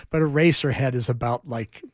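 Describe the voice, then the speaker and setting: A man's voice: medium pitch, normal speed, no echo, clean studio sound. A man co-hosting a radio music show, chatting casually and joking, laughing often. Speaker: radio co-host.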